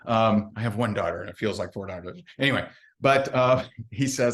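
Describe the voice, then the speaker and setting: A network marketing trainer with a fairly low, somewhat bright voice speaks at a moderate pace in a recruiting training talk. He tells stories in a chatty, self-mocking manner and acts out what people said.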